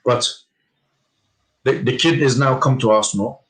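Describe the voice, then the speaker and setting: A man co-hosting a casual fan discussion, speaking in a measured and mildly frustrated way. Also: mid-range voice, fairly bright tone, poor audio. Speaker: co-host.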